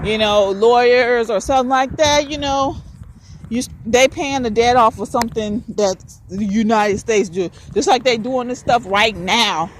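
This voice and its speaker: A woman hosting her own podcast delivers a fired-up, profane, preachy rant straight to her listeners. Her voice is a little high and her pace measured, with slight background noise.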